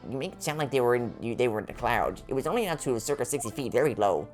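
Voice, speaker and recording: A man's voice: mid-range voice, animated, fast, faint music behind, close to an everyday voice. A man voicing a fussy, formal male balloon impresario in a video game.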